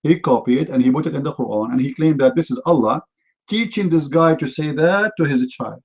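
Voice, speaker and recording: A man's voice: on the high side, expressive, gravelly, darkish tone, slightly rough. Mocking man in non-native English, dull audio. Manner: mocking, with rapid rhetorical questions; non-native English grammar, fillers and repeats. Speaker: host of a live online debate. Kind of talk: heated live-stream commentary.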